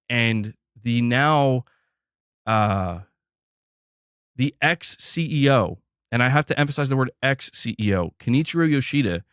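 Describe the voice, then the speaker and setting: A man's voice: mid-range voice, no echo. Guy ranting about gaming news, blunt and emphatic, swears a lot, keeps repeating himself, dry close mic. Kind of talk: opinionated solo commentary.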